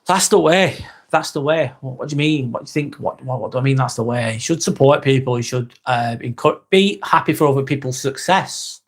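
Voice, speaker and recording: Casting: man, 40s, relaxed live-chat host, swears casually, reads viewer comments aloud. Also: mid-range voice, brisk, hardly any pauses. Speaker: livestream host.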